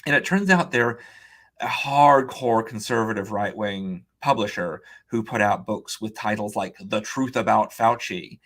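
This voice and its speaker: A man's voice: fairly low pitch, measured pace. A man guest on an interview podcast, casually telling a long anecdote, acting out what others said and using lots of "like" and "um". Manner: animated anecdote-telling, quoting others' words, frequent "like" and "um". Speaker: author and illustrator guest.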